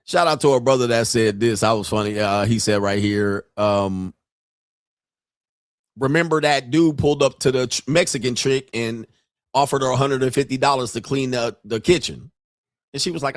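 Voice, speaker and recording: A man's voice: medium pitch, normal speed, dry recording, clean studio sound. Profane joking male stream host. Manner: profane, joking, acts out quoted voices. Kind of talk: casual live-stream rant. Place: home studio.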